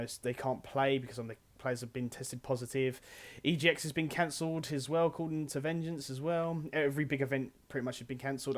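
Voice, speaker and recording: A young man hosting a casual gaming podcast, upbeat and rambling with fillers. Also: medium pitch. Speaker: podcast host.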